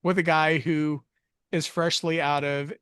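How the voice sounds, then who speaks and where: A man co-hosting a film review podcast recaps a movie's plot in rambling, jokey casual chat, tossing in self-mocking asides. His voice sits on the high side with a level tone, a little slow, a bit bright, clear and resonant. The studio-quality recording has no room sound.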